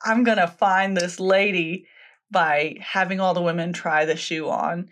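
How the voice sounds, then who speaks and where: A woman's voice: lowish voice, steady tone, a little slow, lightly acted. A woman voicing an eager young prince in a retold folktale, speaking in a determined way.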